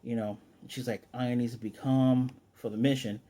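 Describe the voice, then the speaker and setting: A man casually recapping an anime episode, animated and playfully acting out the characters' lines. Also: medium pitch. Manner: animated, acts out characters' lines in quick voices. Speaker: anime reviewer.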